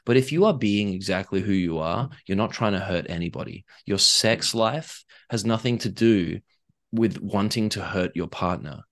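A man talks frankly as a guest. He tells animated stories, slipping into other people's voices, and laughs easily. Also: lowish voice, normal speed. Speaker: author and coach, guest. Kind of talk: candid conversational interview.

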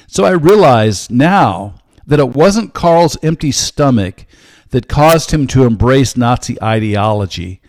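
An older man in his sixties hosts a podcast and teaches from the Bible in a steady, earnest way, pausing on small hesitant fillers. His voice sits at an ordinary middle pitch for a man. It was recorded close and dry, with no room sound. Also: no room sound. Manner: earnest, measured, with frequent "uh" fillers. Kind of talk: solo podcast teaching talk.

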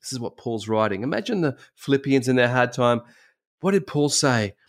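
A man's voice: mid-range voice, expressive, moderate pace. Fervent Australian preacher man. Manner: fervent, repetitive exhortation with restarts. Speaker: pastor. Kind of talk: sermon.

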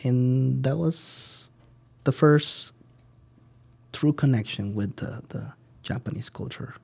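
A man, a sushi chef telling his story as a guest, halting and searching for words and acting out the people he quotes. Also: medium pitch, vocal fry, a little mellow, husky, no echo. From Venezuela. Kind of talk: casual storytelling interview.

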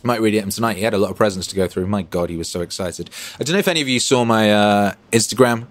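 A man with a fairly low voice hosts a relaxed livestream and answers viewers' chat messages. His delivery is profane and animated. He jumps from shouted bursts to quiet, low asides. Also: fast talker, no room sound. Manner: profane, animated, swinging between loud bursts and mumbles. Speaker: livestream host reading chat.

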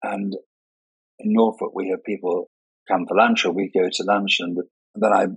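An older man with a low, gravelly, husky voice and fairly even intonation speaks at a moderate pace as a guest in a conversational interview, telling playful stories that mock himself. He designs parties and weddings and, despite a Scottish upbringing, has no Scottish accent and sounds English; the recording is dry with poor audio.

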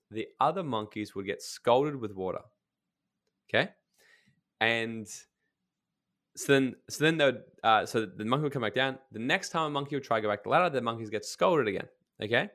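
Speaking on the low side with a slightly bright sound, this podcast coach chats casually and bluntly. He's emphatic, curses freely, and peppers his stories with quick asides.

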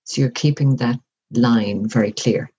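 A woman speaking as an interview guest, giving measured, reflective advice and often acting out example conversations. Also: rumbling low, mellow, breathy edge, lo-fi sound. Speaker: workplace wellbeing guest.

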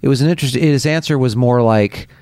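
A man's voice: mid-range voice, darkish tone. A man in casual podcast conversation who stops and restarts his sentences as he thinks aloud. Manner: halting, restarts a lot while thinking aloud.

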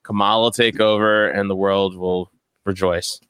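A man's voice: on the low side, flat delivery, normal speed, a bit bright, clear, resonant tone, no room sound, clean studio sound. A man co-hosting a casual talk show, chatty and profane, speculating freely. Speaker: podcast co-host. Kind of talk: casual chat.

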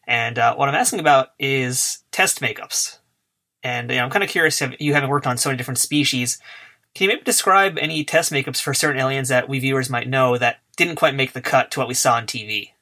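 A man's voice: medium pitch, fairly quick, creaky, bright, forceful tone. A man hosting a casual interview, laughing along with his guest and asking long questions. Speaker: podcast host.

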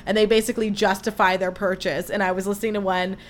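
A young woman hosts a casual solo podcast, speaking fast in a mid-range voice with a level tone. She's a chatty, gushing storyteller who acts out what people said.

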